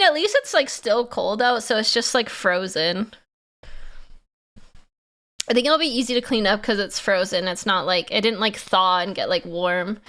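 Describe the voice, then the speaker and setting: A woman livestreamer talks casually to her chat. Her voice is bright and forward and sits a little high, and she laughs between stories. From Canada. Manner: chatty, laughs often, answers chat.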